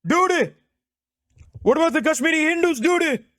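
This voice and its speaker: A man putting on a yelling, badgering young male streamer with an Indian accent. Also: lively intonation, moderate pace, no echo, studio quality. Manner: repetitive, shrill, badgering.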